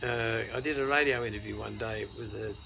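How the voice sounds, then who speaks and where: An older Australian man in an interview, telling stories in a relaxed, anecdotal way. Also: lowish voice, quick pace, vocal fry, a little hiss or hum, rough recording. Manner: anecdotal, many restarts and chuckles. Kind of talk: casual storytelling.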